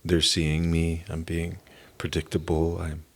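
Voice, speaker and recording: A middle-aged man from Canada giving an earnest, halting personal testimony as a podcast guest. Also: low voice, monotone. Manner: earnest, halting, emotional at times.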